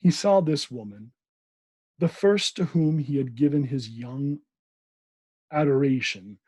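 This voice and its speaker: Male podcast host reading a classic novel aloud, husky, dark voice, dry sound, trips over names and corrects himself. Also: medium pitch, unhurried, dry recording.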